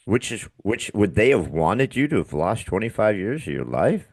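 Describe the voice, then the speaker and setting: A man with a very low voice hosts a podcast interview, talking bluntly and with plenty of swearing. His pitch swings widely as he gets animated, and the recording is dry and close. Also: moderate pace, no room sound. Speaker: podcast host. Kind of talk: casual interview chat.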